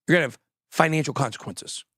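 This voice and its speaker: A man hosting a casual crypto livestream, talking quickly and jokily, often trailing off mid-thought. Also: a little high, bright, forceful tone, husky, no echo, studio quality. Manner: rambling, quick, jokey, trails off. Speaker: crypto show host.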